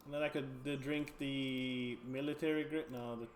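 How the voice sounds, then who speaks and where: Brief: casual male streamer musing aloud over a game, mid pitch, roomy echo. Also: steady tone, normal speed, a little hiss or hum. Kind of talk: casual game narration and commentary.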